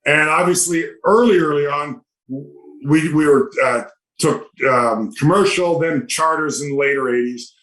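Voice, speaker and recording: Animated older man telling hockey stories. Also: a little high, measured pace, poor audio. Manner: animated anecdotes, acts out quoted voices. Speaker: podcast guest. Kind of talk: casual storytelling.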